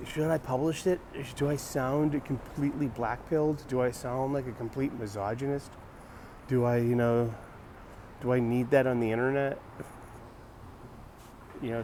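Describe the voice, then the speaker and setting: A man's voice: medium pitch, a little mellow, slight background noise. A man hosting a casual morning monologue, rambling and wry, sighing and restarting his sentences. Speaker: host of a morning video show.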